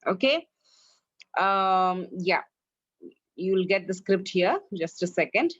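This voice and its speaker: A woman's voice: lowish voice, expressive, takes it slowly, no echo, highs cut off. Indian woman teaching an online English class. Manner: corrects pronunciation, drills students. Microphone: online class, video call.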